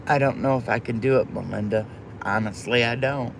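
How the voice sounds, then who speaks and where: A woman's voice: extremely low pitch, a little fast, gravelly, slight background noise. A woman hosting a livestream, chatting affectionately with viewers by name and pet names. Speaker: livestream host. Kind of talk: casual chat with viewers.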